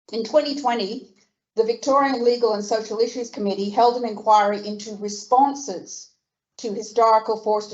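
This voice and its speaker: An older woman with an Australian accent, reading a prepared speech at a commemorative event in a measured, earnest way and stressing each point of a list. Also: medium pitch, a little mellow, highs cut off. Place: museum function room.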